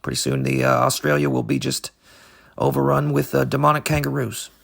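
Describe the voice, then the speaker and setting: A man co-hosting an improvised comedy podcast, rambling in halting, absurd deadpan. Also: medium pitch, creaky, breathy edge. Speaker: podcast co-host.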